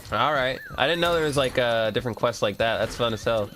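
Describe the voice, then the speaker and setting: A man's voice: medium pitch, fairly quick, fairly bright tone, slight background noise. Laid-back man streaming a game. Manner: laid-back, swears, reads game prompts aloud. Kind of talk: casual gameplay commentary.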